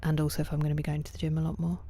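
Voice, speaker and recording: A woman livestreaming a game late at night, casually answering viewers' chat messages by name and often slipping into a soft half-whisper. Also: low voice, monotone, racing.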